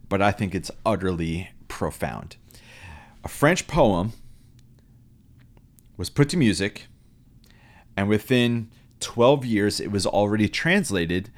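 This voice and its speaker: A man talks through a hymn's history in an easygoing solo show, his voice low and his pace slow. He sounds chatty and keen, and now and then he laughs at himself. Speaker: podcast host, trained pastor. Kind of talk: casual solo talk on hymn history.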